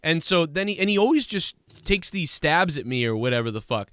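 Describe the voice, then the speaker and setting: High-voiced, profane ranting man host. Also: very animated, a little fast, a bit bright, clear, resonant tone, no room sound. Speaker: podcast host. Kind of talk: casual chat.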